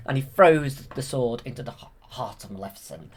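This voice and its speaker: A man's voice: mid-range voice, expressive, moderate pace, hardly any pauses, breathy edge. A man eagerly retelling a film from memory, rambling with many ums and restarts, recorded on a handheld camera. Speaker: YouTube creator.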